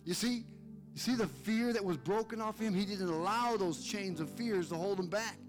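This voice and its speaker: A man's voice: sits high, normal speed, music in the background. A male pastor preaching a fired-up sermon, calling on listeners by name.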